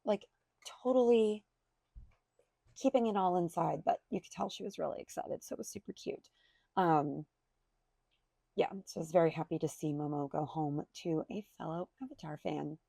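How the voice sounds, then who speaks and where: Casual vlogger, woman, gravelly and mellow, chatty crafter rambling through her recap. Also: sits low, normal speed, no room sound. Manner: chatty, rambling, self-deprecating. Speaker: crochet maker selling at markets. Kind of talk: casual market recap vlog. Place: at home by her computer.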